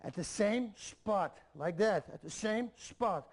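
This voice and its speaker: A man with a high speaking voice walks students through kicking drills. He coaches in a direct, repetitive way and counts each step as he demonstrates. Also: lively intonation, slow pace. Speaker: MMA instructor. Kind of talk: instructional video demonstration.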